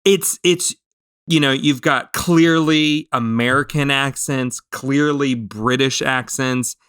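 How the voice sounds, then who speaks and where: A man's voice: mid-range voice, slow, fairly bright tone, smooth. A man co-hosting a film review podcast, chatting casually and hesitantly as he works through his opinions. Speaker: podcast co-host.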